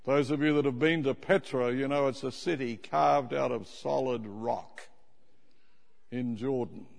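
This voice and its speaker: A man preaching a sermon, stressing key words slowly and teasing his congregation. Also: medium pitch, vocal fry, long reverb tail.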